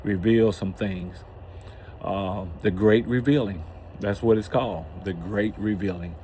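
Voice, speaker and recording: A man hosting his own channel, talking through a religious teaching in a casual, halting way with many restarts. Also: lowish voice, mellow, slight background noise. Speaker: channel host.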